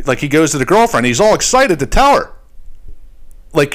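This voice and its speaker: A man hosting a podcast, telling a story in a profane, animated rant and putting on mock voices for the people in it. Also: mid-range voice, brisk. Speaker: podcast host. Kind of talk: casual ranting monologue.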